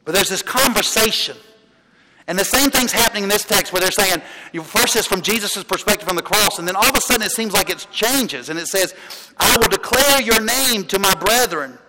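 A pastor preaching a sermon in a church, talking in a chatty storytelling way, with restarts and laughs. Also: male voice, high-pitched, expressive, a little fast. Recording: long hall reverb, loud background noise.

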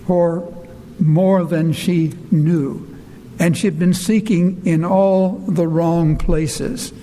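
A man delivering a sermon at a slow, halting pace, filling his pauses with "uh". His voice sits a little high for a man yet sounds mellow and dark. He is heard in a large hall with a long reverb and a faint ambient hum behind him. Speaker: preacher.

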